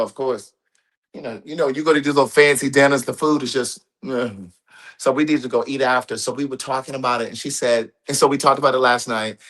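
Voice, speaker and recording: A man's voice: medium pitch, fairly bright tone. A man chatting casually with his live-stream audience, telling a long personal story and quoting a friend's words. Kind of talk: casual chat.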